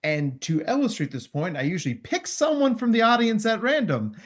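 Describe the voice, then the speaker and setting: A man hosting a podcast, telling a story in an animated, self-deprecating way. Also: high-pitched, a little fast. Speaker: podcast host. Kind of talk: storytelling interview chat.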